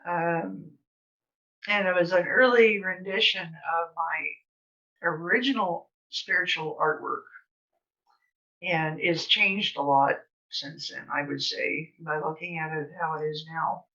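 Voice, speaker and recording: A woman's voice: lowish voice, slow pace, sharp tone. An older woman telling stories in a chatty, rambling way, full of fillers, as a guest speaker. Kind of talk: casual storytelling. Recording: slightly distant, dull sound.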